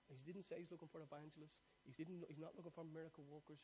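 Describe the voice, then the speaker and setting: A man preaching a sermon in an animated way, moving between quiet reflection and loud, rousing exhortation. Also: on the high side, fast talker, a little hiss or hum, low-quality recording.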